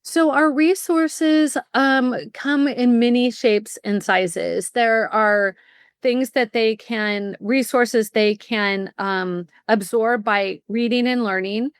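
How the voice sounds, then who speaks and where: Lively middle-aged woman, clear dry voice. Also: a little high, no room sound. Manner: lively storyteller, fast bursts when explaining. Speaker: guest, college admissions consultant. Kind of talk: casual interview chat.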